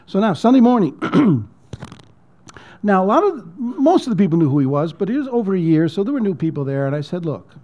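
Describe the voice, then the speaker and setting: Preaching in a storytelling, conversational manner, this man has a high, slightly mellow voice that moves briskly with big pitch swings. The audio is dull, and he repeats words, nearly whispering when things turn emotional.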